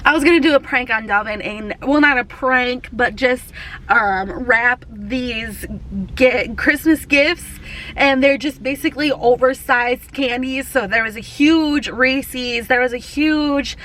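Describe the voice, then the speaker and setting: A woman's voice: high-pitched, a little slow, a bit bright. A young woman from Texas chatting casually while eating in her parked car, rambling through stories with lots of fillers. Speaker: vlogger. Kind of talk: casual car mukbang chat.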